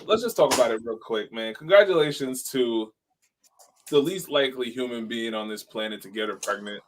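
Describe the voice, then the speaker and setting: A playful man leads a podcast chat, teasing his co-hosts with a voice that swings widely in pitch. A faint hiss and some clicks sit under his talk. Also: expressive, fairly quick. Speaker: podcast host. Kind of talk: casual chat.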